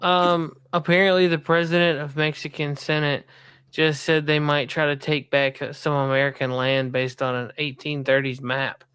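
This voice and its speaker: A man's voice: fairly high pitch, little pitch movement, normal speed, fairly bright tone, clean tone. A man on a casual livestream panel who brings up news items in an earnest way. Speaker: podcast co-host.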